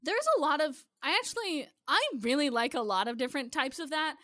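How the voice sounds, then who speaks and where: Woman, Midwestern accent, high-pitched, bright, passionate, swears often, casual podcast chat. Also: sing-song, fairly quick, no echo, studio quality. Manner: passionate, swears a lot, ranting. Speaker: podcast co-host.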